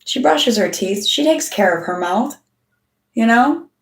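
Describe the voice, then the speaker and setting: Her pitch is fairly high and expressive, her pace measured, as this middle-aged woman hosting the channel tells a blunt, swear-filled story straight to camera, voicing other people's lines. She's recorded from a distance, with roomy, off-mic sound.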